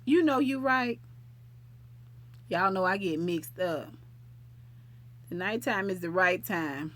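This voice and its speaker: A woman's voice: medium pitch, measured pace, pauses often, fairly bright tone, dry recording. A woman hosting a late-night livestream, chatting casually and affectionately with viewers and rambling from topic to topic. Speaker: livestream host.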